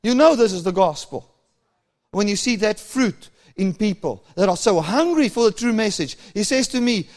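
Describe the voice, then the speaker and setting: A man preaches in a fairly high voice. He tells his stories by acting out the dialogue and chuckling along, in a sermon delivery. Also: lively intonation, moderate pace. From South Africa.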